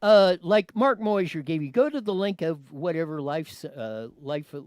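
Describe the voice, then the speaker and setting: A man's voice: fairly high pitch, moderate pace, clear, resonant tone, no room sound. A man hosting a news show, commenting on a clip and giving cues to his producer. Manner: animated, talks to his producer, many restarts.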